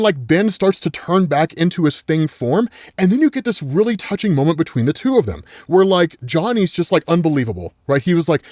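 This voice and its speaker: A chatty man recaps comic book plots in a loose, conversational way, peppering his talk with "like" and "right". His voice sits fairly high and swings widely in pitch as he builds up the dramatic beats. The sound is dry and close, with no room echo. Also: brisk, few pauses. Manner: gets excited retelling big moments. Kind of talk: casual spoken comic recap.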